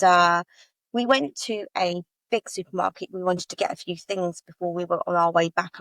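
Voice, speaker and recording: Woman guest, halting heartfelt storytelling, repeats herself, dry close mic. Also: fairly bright tone, no room sound, poor audio. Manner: halting, repeats phrases, rises in pitch when retelling upsetting moments. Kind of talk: emotional personal storytelling.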